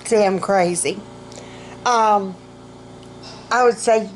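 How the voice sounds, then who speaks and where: A woman's voice: mid-range voice, slow pace, pauses often, a little hiss or hum, low-quality recording. A middle-aged woman, vlogging casually about her health, rambling and self-mocking, and short of breath.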